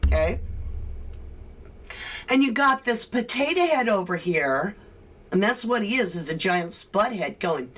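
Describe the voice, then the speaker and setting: A woman's voice: medium pitch, expressive, normal speed, long pauses. A woman hosting a livestream, reading viewer comments and ranting sarcastically. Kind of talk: casual chat.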